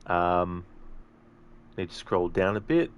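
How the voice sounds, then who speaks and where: A man's voice: low-pitched, takes it slowly, clear, resonant tone, dry recording. A man streaming a video game, chatting casually and reading out chat messages. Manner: relaxed, rambling, reads chat aloud.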